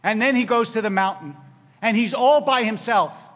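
Male rabbi, high-pitched, preaching with wry humor and dramatic quoted lines, recorded in a hall with long reverb. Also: normal speed, fairly bright tone. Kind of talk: sermon.

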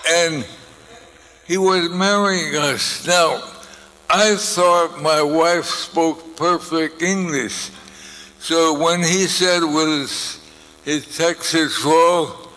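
An older man tells a story to a gathered audience, pausing and restarting often. His voice sits a bit high and comes out bright and forceful. Long hall reverb trails each phrase. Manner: slow, halting delivery with restarts. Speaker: speaker telling anecdotes to an audience. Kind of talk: storytelling speech.

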